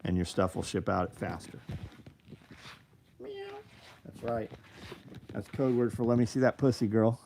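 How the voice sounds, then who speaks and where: A man's voice: lowish voice, a little slow, creaky, pauses often, a little mellow, a little hiss or hum. Casual, profane man hosting a livestream. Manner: loose, profane, reads chat aloud. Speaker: livestream host.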